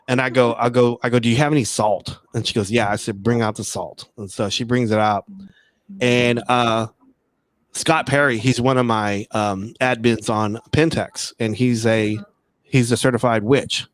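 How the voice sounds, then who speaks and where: A man's voice: medium pitch, fairly even intonation, moderate pace. A man from Texas, a guest on a remote call, telling a story casually, with many restarts and repeated words.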